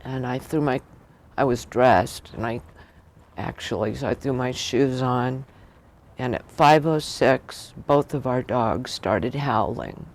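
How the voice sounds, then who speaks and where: Slow, gravelly woman dropping to whispers. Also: very deep voice, a little mellow. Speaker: widow interviewed for a documentary. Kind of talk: documentary interview, personal recollection.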